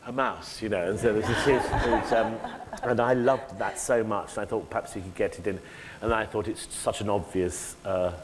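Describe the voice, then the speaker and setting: A man's voice: fairly low pitch, moderate pace. A man, an actor, talking animatedly about his stage work in a public conversation, often breaking off and acting out lines. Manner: animated, self-interrupting, acts out quoted lines. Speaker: actor, interview guest. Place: lecture hall before an audience. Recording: echoey hall with faint noise.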